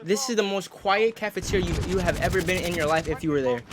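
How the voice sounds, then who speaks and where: A man's voice: sits high, quick pace, noisy background. Slangy young man telling a story over gunfire. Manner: slangy, animated, says "bro" often. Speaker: gaming video creator. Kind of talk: casual storytelling over gameplay. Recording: game gunfire behind voice.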